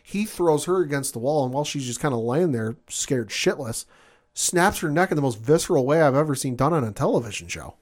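A man co-hosting a casual podcast chat, retelling a TV episode with lively acted-out lines. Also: mid-range voice. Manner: animated, acts out characters' lines in quick voices. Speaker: podcast co-host.

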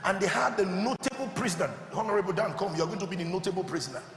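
A man preaching a sermon who keeps asking the congregation if they are listening and climbs into shouted, fervent exhortation. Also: high voice, racing. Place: large church hall. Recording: echoey hall with music behind.

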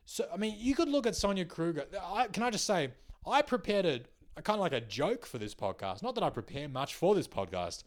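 A young Australian man, a comedian hosting his podcast, delivering a sarcastic, animated monologue and swearing freely. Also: sits high, brisk, hardly any pauses.

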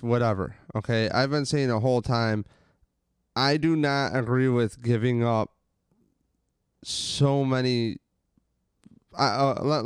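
A man's voice: mid-range voice, smooth, dry recording, clean studio sound. A man, ranting and swearing in a casual sports chat as a podcast co-host. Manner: ranting, profane, fast and rambling.

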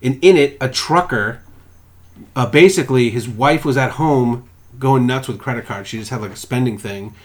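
Speaking at normal speed and medium pitch, this young podcast co-host is just chatting casually. He narrates stories with lots of cursing and playacted quotations.

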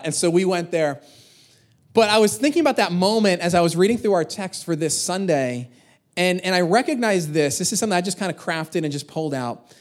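Male pastor, 30s, lively storytelling sermon, higher voice. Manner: energetic, animated, acts out quotes.

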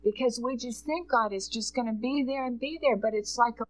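A woman's voice: on the high side, a little fast, poor audio. A middle-aged woman preaching a sermon, telling stories and quoting scripture with earnest feeling.

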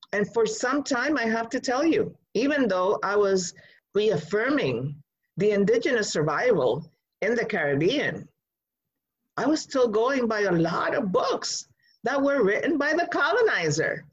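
A woman from Rico, telling a personal story in an animated, emphatic way. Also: on the high side, unhurried, slightly rough, dull audio. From Puerto Rico.

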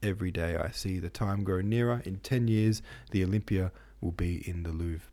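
A man's voice: low voice, moderate pace, dark tone. A man voicing a hot-tempered young male painter who argues vehemently. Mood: heated. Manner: vehement, declaiming.

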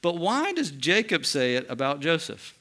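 A man's voice: on the high side, huge pitch swings, moderate pace, fairly bright tone. A man leading an interactive Bible study, quizzing the group and affirming their answers in a conversational way. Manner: conversational with restarts. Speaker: pastor teaching a Bible study.

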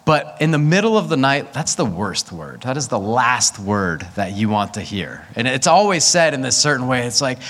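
A man's voice: fairly low pitch, a bit bright. Man preaching through a candid family story. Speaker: pastor. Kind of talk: sermon with personal story.

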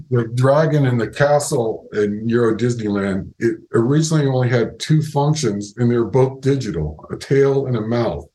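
An older man as an interview guest, telling casual work anecdotes with lively retellings and frequent laughter. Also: medium pitch, poor audio. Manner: animated anecdotes, acts out quoted voices, laughs often. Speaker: interview guest, animatronics animator.

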